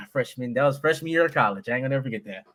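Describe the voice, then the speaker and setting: A man's voice: mid-range voice, expressive, rapid-fire, fairly bright tone, a little hiss or hum. A man in his thirties, a podcast co-host, telling a story in casual, profane chat and laughing often.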